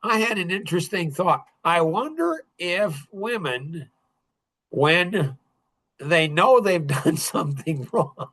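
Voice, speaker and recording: Middle-aged male podcast host, casual storyteller, slightly high and very animated pitch, chuckles often. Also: slow.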